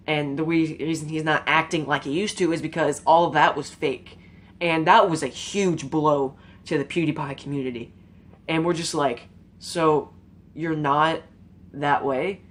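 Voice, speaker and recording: A woman giving an earnest, rambling opinion monologue to her viewers, casual and emotional, with fillers and some swearing. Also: low-pitched. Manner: rambling, informal, with frequent fillers and mild swearing. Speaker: YouTube commentator.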